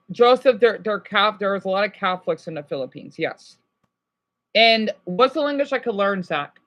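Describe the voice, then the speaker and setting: On a livestream, a woman chats loosely with viewers and answers their messages, often saying "you know" and restarting sentences. Her voice is mid-range and a bit bright.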